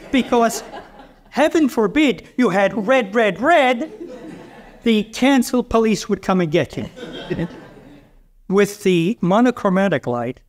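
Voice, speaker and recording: A man giving a mock-grandiose, theatrical debate speech at a church event. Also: high-pitched. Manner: theatrical, pompous orator.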